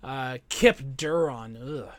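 A man talking casually on a podcast, animated and quick with asides. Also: mid-range voice, dry recording. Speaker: podcast co-host. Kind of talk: casual chat.

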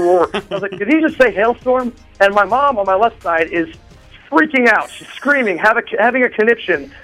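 Brief: high-pitched rambling male guest on a phone call, faint music behind. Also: a bit bright. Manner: rambling, with many fillers and restarts. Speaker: drummer interviewed as a guest. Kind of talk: excited phone interview chat. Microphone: phone line.

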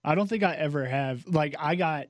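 A man's voice: on the high side, normal speed, no echo, studio quality. A man who coaches youth volleyball, telling a story in a mild, hesitant way during a casual chat.

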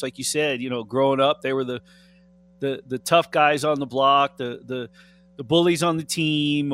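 A man's voice: medium pitch, a bit bright, no echo. A man co-hosting a sports talk show, friendly and agreeable, often stumbling over repeated words. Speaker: sports radio co-host.

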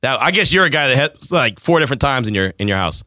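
A man's voice: mid-range voice, sing-song, fast, sharp tone, dry recording, clean studio sound. A man in his forties hosting a sports radio show, talking in teasing banter and laughing often. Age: 40s. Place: radio studio.

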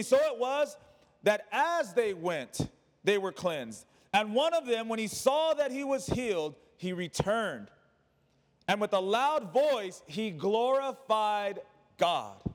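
A male pastor with a notably high voice delivers a sermon, reading scripture before pressing his point with emphatic repeated phrases and casual asides. His voice carries a long reverb from a large hall. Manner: preaching with emphatic repetition, colloquial asides.

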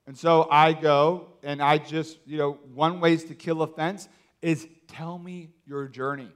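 A man delivers a sermon as a lively story. His voice sits high for a man, and he talks casually with lots of fillers. He acts out the people in his story with sudden loud bursts. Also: a little slow, clear, resonant tone. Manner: animated, acts out quotes with loud outbursts. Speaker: preacher.

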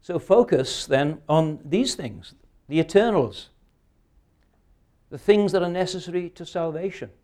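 Earnest man preaching, slightly high voice. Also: lively intonation, measured pace, dark tone. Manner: earnest, emphatic preaching with rhetorical questions. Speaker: pastor. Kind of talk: sermon.

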